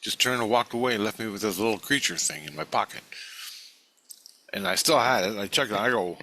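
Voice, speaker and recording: Bright-voiced man rambling through a dream. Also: fairly low pitch, a little fast, creaky. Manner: profane, meandering storytelling with many restarts.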